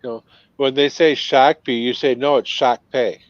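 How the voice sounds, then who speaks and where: A man's voice: medium pitch, fairly even intonation, a little fast, dry recording. A man from Minnesota with a Northern accent, chatting easily on a video call. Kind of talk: casual chat. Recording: dull dry video-call audio.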